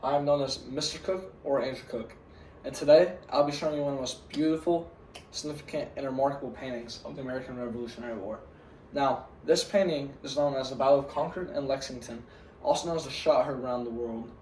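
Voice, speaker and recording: A man with a medium-pitched, darkish voice speaks fast as he gives a school history presentation playing a pretend museum guide. He's earnest and begins sentence after sentence with "now," recorded roomily from a distant mic with slight background noise.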